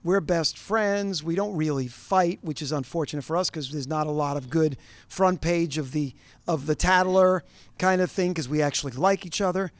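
A middle-aged man interviewing a musical duo, asking rambling, animated questions full of asides. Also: fairly high pitch, fairly quick, no room sound. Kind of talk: conversational interview.

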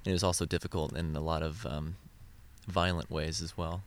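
A man in a band, calmly answering interview questions. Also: low voice, moderate pace, slight background noise. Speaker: band member.

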